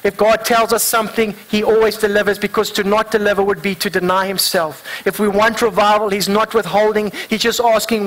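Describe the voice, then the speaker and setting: A pastor with a notably high voice preaches to his congregation in church. He presses them with earnest rhetorical questions. He slows down and lays weight on each word when reading scripture. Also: flat delivery, fairly bright tone, rough recording. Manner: reads scripture slowly and deliberately. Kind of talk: sermon.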